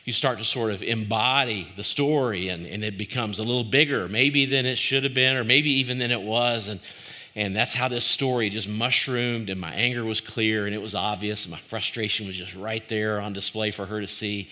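A man's voice: fairly low pitch, fairly even intonation, moderate pace, bright, forceful tone. A man, likely a pastor, giving a reflective devotional talk in a conversational, searching way, often restarting his sentences and asking listeners questions directly.

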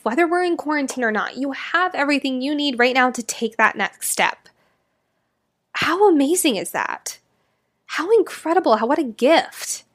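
A woman's voice: sits high, fairly bright tone. A young adult woman hosting a motivational podcast, talking in an earnest, emotional and gushing way. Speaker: podcast host.

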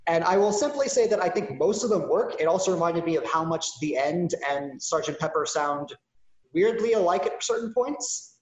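A podcast co-host giving measured, dryly understated opinions on an album. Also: medium pitch, animated, darkish tone, reverberant, low-quality recording. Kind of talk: casual album review chat.

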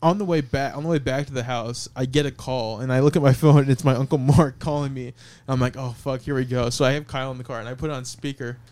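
A man's voice: mid-range voice, fairly even intonation, fast, hardly any pauses, darkish tone. A man casually telling a long rambling story on a podcast, laughing through it. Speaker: podcast co-host.

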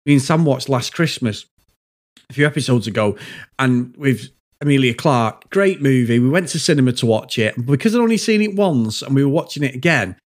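A man with a northern English accent, co-hosting a casual film review podcast, animated and swearing freely as he laughs along. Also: medium pitch, brisk. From north of England. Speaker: podcast co-host.

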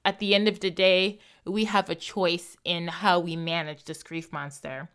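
A woman with a low, smooth, resonant voice speaks candidly in a reflective monologue. She laughs often and slips into little acted voices when she quotes people. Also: little pitch movement, measured pace, fairly bright tone. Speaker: podcast host.

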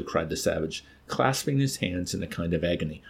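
A man's voice: low-pitched, expressive, a little fast, creaky, hardly any pauses, breathy edge. A man reading a novel aloud and then discussing it in a hesitant, thoughtful way.

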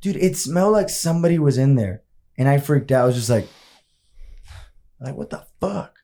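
A man's voice: mid-range voice, lively intonation, normal speed, warm tone. A man co-hosting a podcast in casual chat, swearing often and slipping between English and Spanish. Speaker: podcast co-host.

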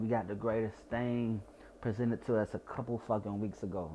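A man's voice: on the low side, steady tone, a little fast, warm tone, slight background noise. Rambling tipsy Southern man. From Georgia. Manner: rambling, repeats himself, stutters. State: tipsy from wine. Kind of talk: casual profane monologue.

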